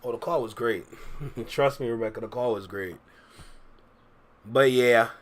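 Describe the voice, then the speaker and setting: A young man with a medium-pitched voice chats with his livestream viewers at a measured pace. A reaction streamer, he's laid-back and heavy on slang, reading chat messages aloud and answering them.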